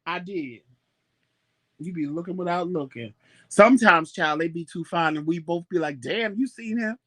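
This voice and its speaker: A man's voice: fairly high pitch, normal speed, fairly bright tone, no room sound. Playful, laughing man on a couple vlog. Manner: playful, laughing, mock-innocent. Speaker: vlog co-host. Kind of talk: casual couple chat.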